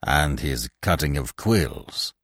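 A man's voice: a bass voice, lively intonation, slow pace, fairly bright tone, no echo, clean studio sound, pitched below the performer's own voice, exaggerated voice. A man voicing a growling, sarcastic male stage actor. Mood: sardonic.

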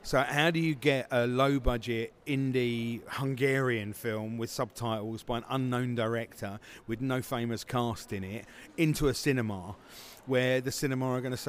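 A man's voice: medium pitch, steady tone, moderate pace, few pauses, slight background noise. A man who founded a film festival, answering interview questions casually with many fillers and restarts.

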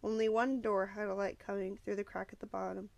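A woman narrating a novel aloud with steady storytelling and occasional small slips. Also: mid-range voice, brisk, gravelly, no room sound, muffled recording. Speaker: audiobook narrator.

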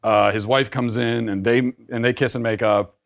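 A man's voice: mid-range voice, steady tone, moderate pace, creaky. A man guest in a casual book discussion, thoughtful and restarting phrases as he works out his points. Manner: thoughtful, repeats words as he builds his point.

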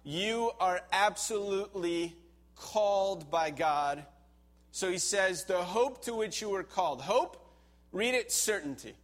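Storytelling pastor with a slightly high voice. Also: male voice, a little slow. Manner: conversational storytelling, animated when reliving panic. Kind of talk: sermon with personal story.

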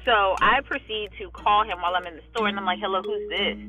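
A woman talking bluntly and profanely in a casual vlog monologue from her parked car, telling animated stories. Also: medium pitch, fast talker, faint music behind, poor audio. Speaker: vlogger.

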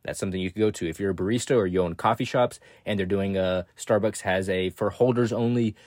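Man, young adult, low voice, dry close sound, casual profane podcast rambling. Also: fast, darkish tone, no room sound. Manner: loose, profane, repeats "again" and "right?". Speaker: podcast host. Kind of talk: casual solo podcast talk.

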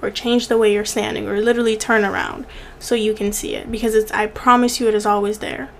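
A woman's voice: medium pitch, level tone, brisk, creaky, slight background noise. A young woman vlogger speaking earnestly to the camera, repeating words for emphasis, at times tearful. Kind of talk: heartfelt direct-to-camera encouragement.

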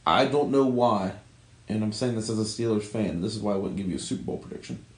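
A man's voice: lowish voice, fast, roomy sound, low-quality recording. A man co-hosting a podcast, chatting casually about sports, joking, opinionated and swearing freely. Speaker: podcast co-host.

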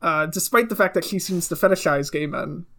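A woman's voice: lowish voice, a little fast, a bit bright. Hesitant woman cracking dry jokes. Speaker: podcast co-host. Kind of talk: casual comedic commentary.

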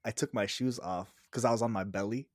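A man's voice: on the low side, fairly quick, no room sound, clean studio sound. A man casually telling a rambling story to a friend, often laughing as he talks. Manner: laughs through his own stories; loose, rambling with restarts.

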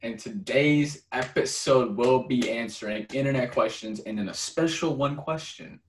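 Young male podcast co-host with a mid-range voice, chatty and excitable, recorded with audible room echo. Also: medium pitch, normal speed, far from the mic, slight background noise. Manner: animated, laughs often, stammers. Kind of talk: casual chat. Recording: echoey room.

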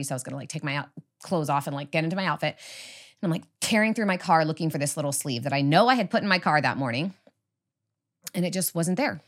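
A woman's voice: deep voice, a bit bright. A woman guest on a podcast, telling a personal story in an earnest, reflective, meandering way. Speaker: guest, witch school headmistress.

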